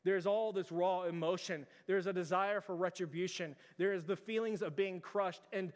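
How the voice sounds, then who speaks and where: Male pastor, earnest sermon, high smooth voice, long hall reverb. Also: fairly even intonation, moderate pace. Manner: earnest, repetitive preaching with restarts.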